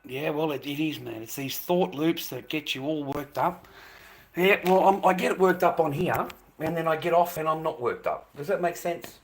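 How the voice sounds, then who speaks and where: A man's voice: fairly high pitch, moderate pace, a little hiss or hum. A middle-aged man ranting to a live chat, exasperated, swearing and repeating himself. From Australia. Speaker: livestreamer.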